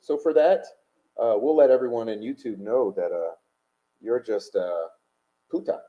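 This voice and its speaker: A man with a fairly low voice and moderate pace hosts a livestream, reading chat and super chats aloud. He rambles and argues with many fillers, and the stream audio is dull and lo-fi.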